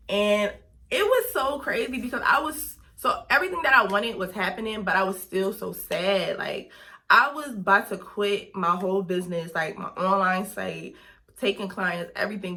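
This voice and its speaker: A young woman with speech, casually telling a personal story in a chatty vlog, full of fillers. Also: medium pitch. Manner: chatty, lots of fillers, animated retelling. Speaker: vlogger and lash artist.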